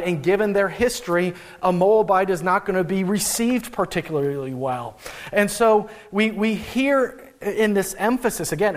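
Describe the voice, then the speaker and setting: A young adult man, a pastor, giving a conversational, animated sermon with frequent restarts. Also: high-pitched.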